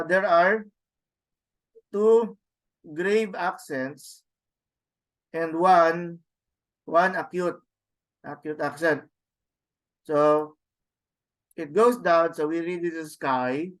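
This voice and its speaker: A man lecturing a language class in a fairly high voice, taking his time. He moves deliberately through each point, sounds out example words, and keeps checking in with the students. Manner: deliberate, checks understanding with tag questions; sounds out words slowly to demonstrate. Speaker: Greek teacher.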